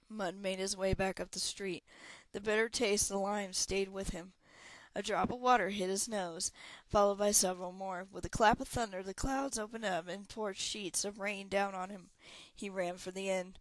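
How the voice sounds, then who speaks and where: Woman reading a fantasy book aloud, steady voice, dry close sound. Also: mid-range voice, moderate pace, no echo, poor audio. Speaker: audiobook reader.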